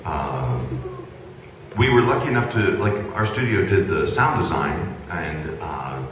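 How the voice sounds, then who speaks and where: Deep-voiced man joking in an echoey hall. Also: measured pace. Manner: relaxed and joking, with many fillers. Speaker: voice actor on a convention panel. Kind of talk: casual panel chat. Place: large convention panel hall with an audience. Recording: echoey hall taped from far off, noisy.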